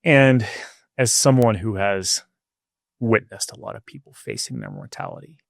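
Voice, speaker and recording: Gravelly low-voiced male podcast host. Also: huge pitch swings, moderate pace, no echo, studio quality. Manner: careful, probing questions. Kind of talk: interview questions.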